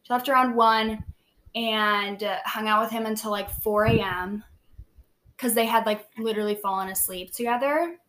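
A teenage girl telling a story in casual chat, talking quickly with lots of "like" and acting out the quoted lines. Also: fairly high pitch, a bit bright, a little hiss or hum. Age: teens. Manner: chatty, heavy use of "like", acts out quoted lines.

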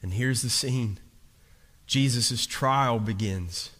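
A man preaching a sermon, telling the story dramatically and swinging between hushed and loud. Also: mid-range voice, slow. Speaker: pastor. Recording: long hall reverb.

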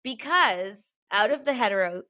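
A woman's voice: medium pitch, lively intonation, fairly quick, sharp tone. A woman in her thirties, a podcast co-host, chatting candidly and emotionally and swearing freely. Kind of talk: casual chat.

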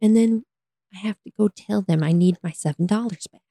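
A young woman recounting a bad experience in a casual, exasperated rant. She laughs often, swears freely and leans on "like" constantly. Her voice sits at an ordinary middle pitch and sounds dry and close, with no room echo. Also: brisk, dark tone. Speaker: vlogger.

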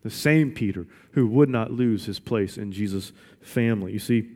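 A man's voice: on the low side, moderate pace, warm tone. A man preaching a sermon as pastor, emphatic and repeating his questions for weight. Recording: long reverb of a large hall.

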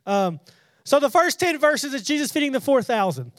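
High-voiced man teaching scripture casually. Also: very animated, moderate pace, fairly bright tone, dry recording, studio quality. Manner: conversational, repeats and restarts words, paraphrases scripture in everyday speech. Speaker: preacher.

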